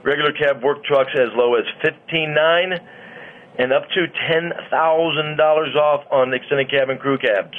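A man's voice: a little high, fairly even intonation, moderate pace, narrow, tinny audio. Jovial male car dealer on air. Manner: jovial, hypes deals. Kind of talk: casual chat and sales pitch.

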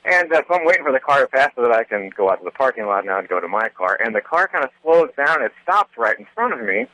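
Animated, bright-voiced male radio host. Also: mid-range voice, fast, vocal fry, no room sound, rough recording. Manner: animated, joke-telling, self-deprecating. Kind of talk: casual radio banter and storytelling. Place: radio studio.

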